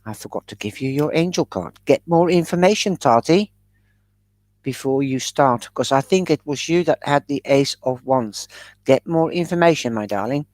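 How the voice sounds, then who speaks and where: With a rumbling low, expressive voice and a darkish tone, a woman gives a live-stream tarot reading at a moderate pace. There's no echo, and she chats freely while heaping endearments on viewers.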